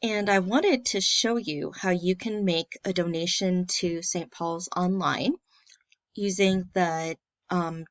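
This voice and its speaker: A woman from a church's staff explains an online tutorial in a casual screen recording, friendly and simple, step by step, dropping filler ums. Her voice is lowish, and the sound is lo-fi with no room sound.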